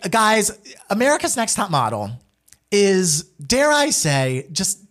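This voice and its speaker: A man co-hosting a pop-culture podcast, telling stories in an animated, casual way and saying "like" constantly. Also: sits high, slow. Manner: animated storytelling, heavy use of "like". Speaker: podcast co-host.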